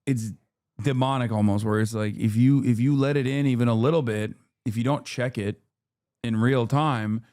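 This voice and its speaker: A male host in a casual chat with a mid-pitched voice. He sounds relaxed and agreeable, often saying "yeah" and pausing with fillers as he thinks.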